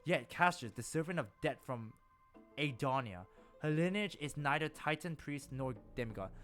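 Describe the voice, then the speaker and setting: A man's voice: on the high side, normal speed, faint music behind. A young man, chatting animatedly while streaming a game. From Malaysia. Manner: chatty, animated, laughs often. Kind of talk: casual gameplay commentary.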